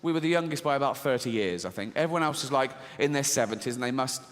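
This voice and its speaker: A man's voice: medium pitch, animated, quick pace. A middle-aged Englishman doing stand-up comedy, brash and swearing, acting out little exchanges on stage. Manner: brash, swearing, acts out voices. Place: large theatre stage before an audience. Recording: live theatre with long reverb, faint crowd.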